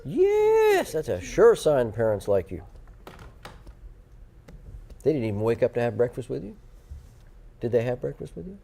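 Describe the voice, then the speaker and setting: Teasing male radio-TV co-host with lively pitch. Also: creaky. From Northern United States. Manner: teasing, quizzing his co-host with rapid questions. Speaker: morning show co-host. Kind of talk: casual studio banter.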